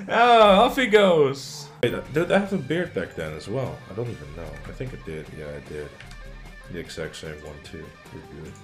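A man with a Dutch accent streaming games, ranting, swearing and shouting at his teammates. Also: rumbling low. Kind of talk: casual gaming commentary.

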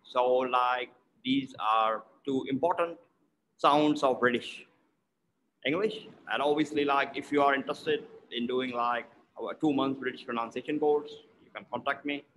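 Slow, deliberate male pronunciation teacher. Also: medium pitch, steady tone, a bit bright, slight background noise, rough recording. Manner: slow, deliberate, repeats words to model sounds. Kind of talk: slow instructional explanation with modelled words.

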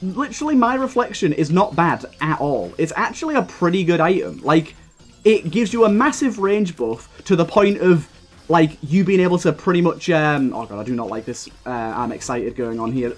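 A young man commenting on his own gameplay, swearing freely and getting heated as he talks. His pitch swings widely from line to line. Faint game music plays beneath his voice. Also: expressive, moderate pace. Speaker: gaming video creator.

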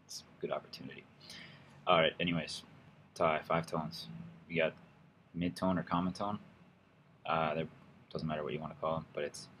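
A young man casually teaching a language lesson from a hotel room, relaxed and rambling with fillers and restarts. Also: deep voice, a little hiss or hum. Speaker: language teacher, channel host.

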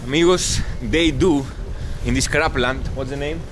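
A man's voice: mid-range voice, moderate pace. A man from Greece with a Greek accent, chatting casually and joking as a travel vlogger outdoors in a seaside town. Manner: curious, joking, laughs often. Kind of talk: casual travel vlog chat. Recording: outdoor noise behind.

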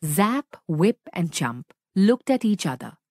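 A woman reading a children's story aloud in a slow, expressive storytelling manner. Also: on the low side, dry recording, clean studio sound. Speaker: storybook reader.

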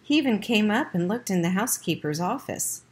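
A woman's voice: medium pitch, lively intonation, brisk, a little hiss or hum, voice pushed up, lightly acted. A woman voicing a middle-aged father, exasperated and helpless.

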